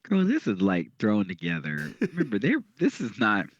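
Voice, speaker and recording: A man's voice: fairly low pitch, huge pitch swings, moderate pace, no room sound. A man co-hosting a podcast in a sassy, wry casual chat. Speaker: podcast co-host. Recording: slightly dull lo-fi audio.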